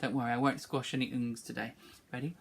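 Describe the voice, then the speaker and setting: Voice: medium pitch, flat delivery, fast talker, breathy edge. A music teacher leading an online singing lesson for schoolchildren, encouraging and demonstrating phrases for the class to repeat.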